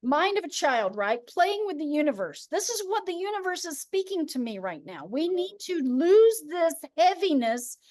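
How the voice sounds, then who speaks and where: A woman hosting a casual spiritual chat, telling stories in an animated way and acting out the voices of people she quotes. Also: very high voice, normal speed, few pauses, no room sound, clean studio sound. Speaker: host.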